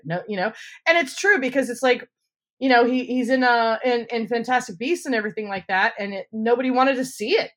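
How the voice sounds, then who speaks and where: A woman co-hosting a podcast in casual chat, a loud, excitable storyteller who swears freely. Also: on the high side, brisk. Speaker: podcast co-host.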